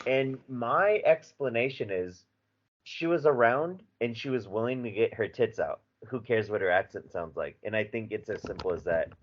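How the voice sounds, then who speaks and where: A man co-hosting a podcast in casual chat, animated and rambling, swearing freely with lots of fillers. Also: lowish voice, moderate pace. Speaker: podcast co-host. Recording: slightly dull audio with faint background noise.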